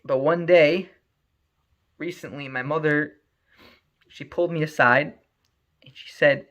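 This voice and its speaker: A man voicing a tearful young man, telling his past in a halting, earnest way, on a muffled lo-fi recording. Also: fairly high pitch, fairly even intonation, fairly bright tone.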